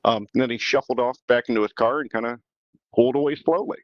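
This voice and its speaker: A man's voice: mid-range voice, fairly even intonation, quick pace, no room sound, lo-fi sound. A man hosting a podcast and telling a story in a casual, rambling way, with many restarts. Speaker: podcast host.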